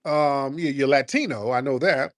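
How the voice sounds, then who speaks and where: A man hosting a live call-in comedy talk show, brash and mocking, roasting his callers with loud animated energy. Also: medium pitch, normal speed, dry recording, clean studio sound. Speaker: radio show host.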